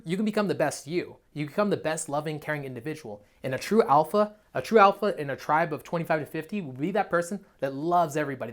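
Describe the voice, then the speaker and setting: Man, rapid-fire delivery, blunt and cursing, motivational self-help talk. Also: fairly high pitch. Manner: blunt, profane and emphatic. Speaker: dating coach.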